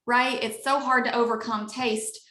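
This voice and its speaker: A woman with an Alabama accent giving an upbeat, gushing sales pitch on a video call. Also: little pitch movement, moderate pace, bright, forceful tone, echoey room. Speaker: network marketing leader.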